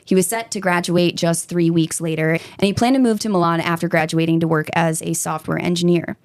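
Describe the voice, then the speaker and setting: A woman's voice: on the low side, fairly quick. A young woman hosting a podcast, telling a true crime story in a casual, chatty way and casually swearing. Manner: chatty and animated, swears casually, slips into quoting voices.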